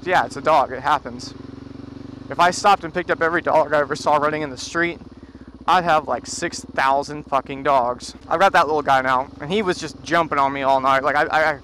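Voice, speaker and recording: A man's voice: on the high side, brisk. A man rambling and cursing through stories while riding a motorcycle, talking into a helmet headset. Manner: profane, rambling storyteller. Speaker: motorcycle vlogger. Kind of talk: rambling anecdotal chat. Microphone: helmet bluetooth headset. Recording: loud wind and traffic noise. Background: road and engine noise.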